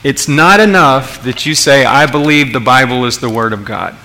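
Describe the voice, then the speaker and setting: Man, pastor, sermon, emphatic, rhetorical questions, gravelly, bright. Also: mid-range voice, moderate pace.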